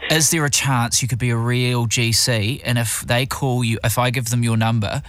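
A radio producer, flustered and pleading as he rushes through his words. His voice has a bright edge. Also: medium pitch, steady tone.

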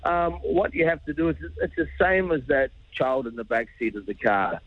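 Husky earnest New man. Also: medium pitch, animated, moderate pace, dry recording, phone-quality sound. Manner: earnest, passionate, informal. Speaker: charity founder guest. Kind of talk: radio interview.

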